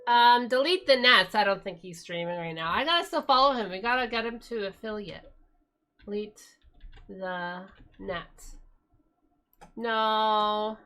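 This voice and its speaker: Bright chatty woman streamer. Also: on the high side, expressive, moderate pace. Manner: chatty, rambling with restarts. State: tired voice. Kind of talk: casual live-stream chat.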